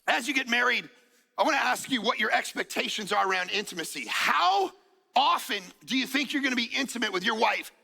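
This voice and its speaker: Brisk and very high-pitched with vocal fry, a pastor tells a story in his sermon, acting out people's words and joking as he goes. He's on a church auditorium stage, where the hall reverb echoes.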